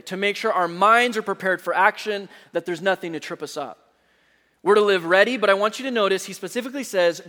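A man preaching a sermon as a pastor, telling lively stories and rising to shouts. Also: sits high, in a large hall.

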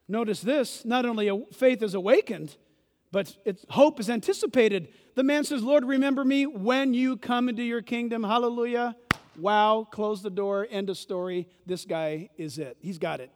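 Male pastor, very high voice, lively sermon delivery, long church reverb. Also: moderate pace. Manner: animated preaching, swings from loud bursts to hushed asides.

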